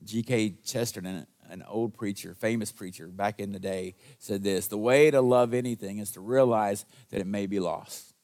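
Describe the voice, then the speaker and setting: A man's voice: normal speed, few pauses. A man preaching a sermon as pastor, earnest and conversational, with call-and-response asides to the congregation and quoted lines acted out in a raised voice. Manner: acts out quoted voices with big jumps in pitch and loudness.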